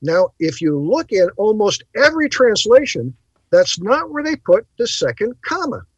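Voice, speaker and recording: A man hosting a bible talk show, explaining in a teacherly way and pausing to stress his points. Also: sits high, sing-song, breathy edge, no room sound, highs cut off. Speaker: podcast host.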